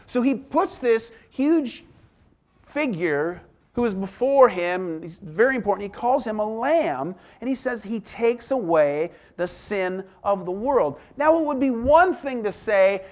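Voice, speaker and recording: Preaching as a pastor, this man reads and explains scripture, alternating forceful outbursts with quiet, hushed asides. His voice sits high, with lively intonation and a measured pace.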